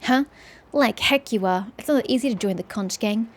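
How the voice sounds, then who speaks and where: A woman's voice: mid-range voice, a little fast, slight background noise, close to an everyday voice. A woman voicing a boastful, scrappy young gang boy in a game, cocky and bragging.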